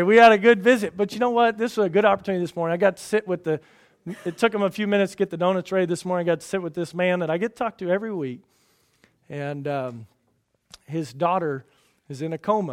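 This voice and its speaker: A middle-aged man preaching a sermon as pastor, telling folksy stories and swinging between loud emphasis and quiet asides. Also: sits high.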